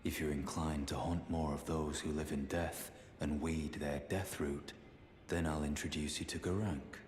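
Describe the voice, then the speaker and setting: An actor playing a stern male hunter of the undead who speaks calmly, gravely and deliberately. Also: a bass voice, roomy sound, slight background noise.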